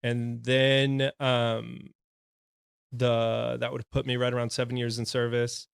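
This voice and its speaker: A man's voice: mid-range voice, completely flat delivery, measured pace, vocal fry, clean tone, no room sound, studio quality. A man in his thirties, a retired Navy corpsman, telling his story as a podcast guest in a casual, frank way and laughing often.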